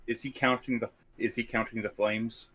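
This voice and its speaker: A man's voice: mid-range voice, level tone, normal speed, fairly bright tone. A man playing in a tabletop game, describing his character's moves in third person, plain and matter-of-fact. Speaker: player.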